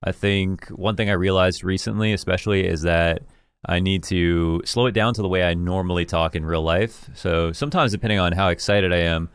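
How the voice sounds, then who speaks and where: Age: adult. Sex: man. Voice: deep, enunciating. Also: steady tone, brisk, smooth, no room sound, studio quality. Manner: enunciates carefully, thoughtful. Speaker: esports caster. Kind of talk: reflective self-review.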